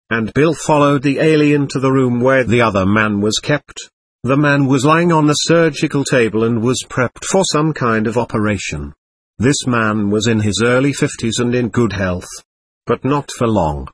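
A man narrating a story in a steady, measured reading style. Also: medium pitch, husky, no room sound.

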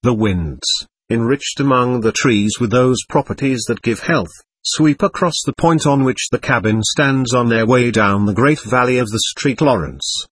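A man narrating a book in a measured, reflective reading style. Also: mid-range voice, husky, no room sound. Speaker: audiobook narrator. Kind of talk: scripted narration.

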